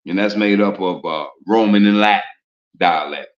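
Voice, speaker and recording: In a muffled, lo-fi recording with roomy echo, a religious speaker with a fairly low voice and moderate pace delivers an informal sermon, firing rhetorical questions in streetwise slang.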